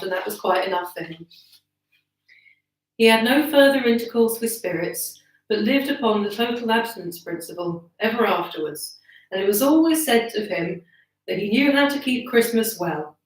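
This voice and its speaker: A young woman giving a live reading of a classic story, expressive and slightly strained in voice, from her living room by a wood burner. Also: mid-range voice, recorded from a distance. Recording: echoey room, away from mic.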